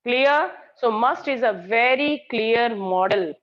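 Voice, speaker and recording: A woman's voice: on the high side, lively intonation, slow, a bit bright. A woman teacher, giving an online grammar class. She praises students and explains by repeating example sentences. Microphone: video call. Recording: dull lo-fi call audio.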